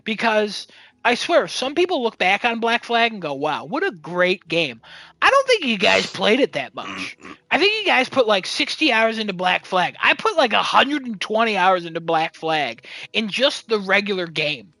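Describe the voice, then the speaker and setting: A young man chats on his podcast with a bright, forceful voice that often rises when he gets worked up. He rambles and swears freely as he tells jokey stories. The sound is dry and close, with no room around it. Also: sits high, big pitch swings, moderate pace, no room sound. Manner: rambling, profane, jokey storytelling. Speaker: podcast host. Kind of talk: casual chat.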